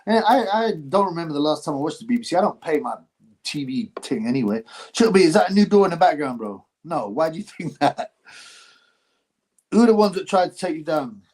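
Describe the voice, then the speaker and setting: A middle-aged man from England hosts a casual livestream, reading out viewer comments. His voice sits slightly high for a man. He rambles, restarts his sentences and keeps an animated, conversational flow. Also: a little fast. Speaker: livestream host.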